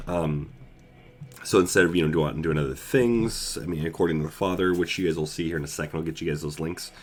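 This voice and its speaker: A young man hosting a livestream while sick, congested and coughing, talking haltingly with lots of ums and throat clearing. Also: extremely low pitch, slight background noise. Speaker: livestream host. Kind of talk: casual livestream talk.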